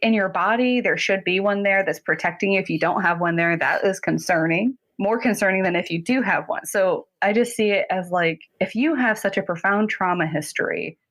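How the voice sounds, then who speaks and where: A woman guest therapist talking casually in an interview, chatty and quick, laughing often and saying "like" a lot. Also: medium pitch, a bit bright. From North Carolina, US.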